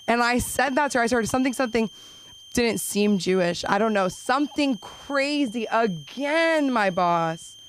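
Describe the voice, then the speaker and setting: A young woman doing an open mic stand-up set, rambling with quick self-deprecating asides. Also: on the high side, expressive, a little hiss or hum, poor audio. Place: small comedy club.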